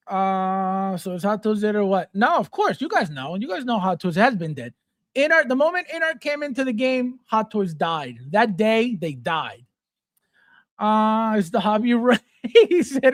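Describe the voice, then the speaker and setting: A man's voice: high voice, expressive, unhurried, no room sound, studio quality. Blunt, mocking man ranting on a stream. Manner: blunt, mocking, swears freely, mimics fans. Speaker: host. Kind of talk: ranting live-stream chat.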